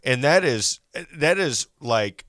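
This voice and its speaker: A man's voice: mid-range voice, expressive, slow, a bit bright, no echo, studio quality. A man hosting a podcast, leading a casual movie review chat in an upbeat way with lots of fillers. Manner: upbeat, leads the talk with many fillers. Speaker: podcast host.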